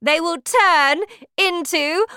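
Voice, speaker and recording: A woman voicing a cruel, bossy female witch leader who shouts her orders with scorn, in a storybook reading. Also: very high voice, takes it slowly, dry recording, clean studio sound, pitched above the performer's own voice, exaggerated voice. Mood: scornful, commanding. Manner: shouting, commanding, contemptuous.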